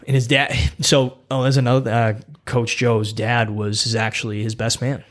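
Regular-pitched guy hosting a chill podcast from his gym room, storytelling, keeps repeating quick punchy bits. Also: little pitch movement. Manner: storytelling, repeats short emphatic phrases. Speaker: podcast host. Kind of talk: casual chat. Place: small home gym room with the doors closed.

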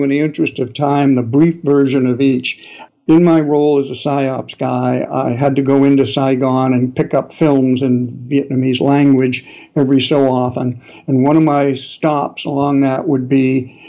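A man's voice: mid-range voice, creaky, dark tone. An older man with a New England accent, an author telling long stories as an interview guest, full of uhs and restarts. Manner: rambling, many uhs and restarts. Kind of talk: interview storytelling. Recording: dull lo-fi audio.

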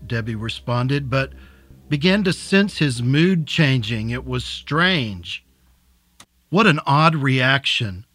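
A man narrating a dark serial story in a measured, deliberate way, and hosting the episode. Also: medium pitch, lively intonation, dry recording, soft background music. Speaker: narrator and host.

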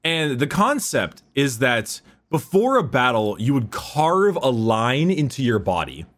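A man in casual podcast chat about game lore, animated and profane, sometimes reading quotes with dramatic delivery. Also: medium pitch, measured pace. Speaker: podcast co-host.

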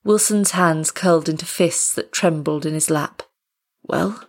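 A woman narrating an audiobook story in a steady, measured way. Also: low voice.

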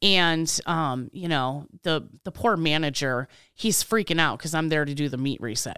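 A woman co-hosting a casual podcast, telling a lively work story, swearing freely and acting out what people said, a little tired. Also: low-pitched, normal speed, hardly any pauses, smooth, dry recording, studio quality. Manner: animated storytelling, swears freely, acts out quotes. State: tired, yawning. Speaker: podcast co-host. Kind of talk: casual chat.

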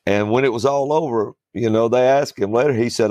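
A man's voice: mid-range voice, a little fast, darkish tone, no room sound, studio quality. A man who is a preacher, telling a folksy story in a casual talk-show chat. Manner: fiery and preachy, then folksy anecdote-telling.

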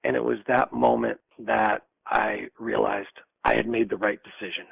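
Older man, reflective storyteller, gravelly and husky voice, dry, tinny call audio. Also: on the low side, normal speed, hardly any pauses, dry recording. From New York, USA. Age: 60s. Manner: earnest, reflective, reenacts dialogue. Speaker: guest. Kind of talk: personal storytelling. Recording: tinny phone-like line, dry.

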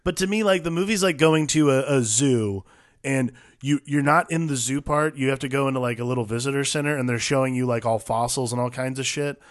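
A man's voice: mid-range voice, a little fast. A man co-hosting a casual movie chat, rambling through odd comparisons and swearing as he acts out little quoted lines. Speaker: podcast co-host.

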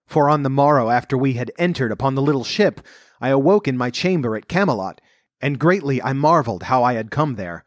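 A man's voice: mid-range voice, animated, brisk, no echo, studio quality, close to an everyday voice. A man voicing a loyal but deceived medieval knight in an audiobook reading, speaking archaic courtly lines earnestly. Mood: remorseful. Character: loyal deceived knight, male, adult, remorseful.

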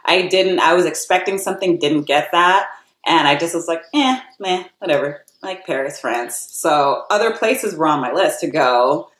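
A woman's voice: moderate pace, fairly bright tone. An American woman telling a personal travel story in a chatty, casual way, with many "like"s and acted-out quotes. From United States. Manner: chatty, lots of "like", acts out quotes in a higher voice. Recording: roomy echo.

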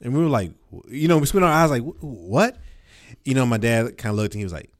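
A man in his thirties, a father, telling stories in a relaxed casual chat. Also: medium pitch, rapid-fire. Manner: laid-back storytelling with mimicked quotes.

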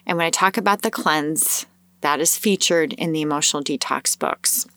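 A woman with a slightly low voice tells a personal story in a relaxed, conversational way. She plays out her inner thoughts with lively jumps upward. The recording is dry and close, with no room around her. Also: normal speed, no room sound. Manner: animated, acts out her own thoughts in a higher voice. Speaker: host sharing a personal story. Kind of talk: casual storytelling.

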